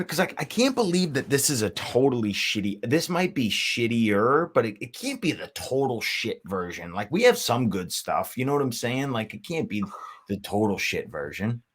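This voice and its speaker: A man's voice: mid-range voice, big pitch swings, fairly bright tone, husky. A young man co-hosting a podcast, musing in casual chat and circling back over his points. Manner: musing, drawn-out, repeats himself. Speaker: podcast co-host.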